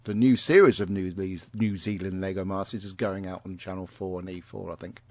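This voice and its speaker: A man's voice: low voice, steady tone, fairly quick, no echo. A man chatting casually as a podcast co-host, rambling and opinionated with lots of fillers. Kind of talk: casual chat. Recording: dull, muffled recording.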